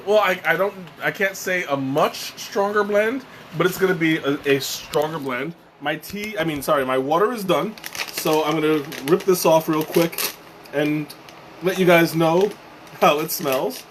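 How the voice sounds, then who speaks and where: A man's voice: on the high side, measured pace, noisy background. Chatty man hosting a live tea stream. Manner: chatty, self-deprecating, rambling with restarts. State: sweating and catching his breath after choking. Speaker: livestream host. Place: home room with a fan running.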